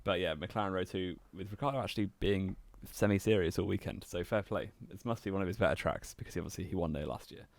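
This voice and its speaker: A man's voice: low-pitched, fast talker, creaky, hardly any pauses. A young man co-hosting a podcast, dry and teasing, laughing often. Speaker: podcast co-host. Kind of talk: casual chat.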